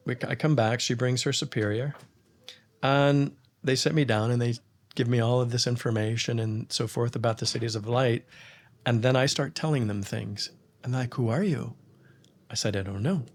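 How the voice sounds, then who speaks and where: Man telling stories with animated quotes. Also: medium pitch. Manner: animated, acts out quoted voices with laughs. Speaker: podcast guest. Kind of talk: storytelling in conversation.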